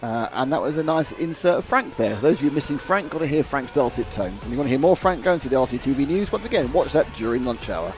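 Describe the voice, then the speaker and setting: A man's voice: mid-range voice, animated, quick pace, few pauses, soft background music. A man doing live race commentary, chatty and jokey, reading out viewer comments.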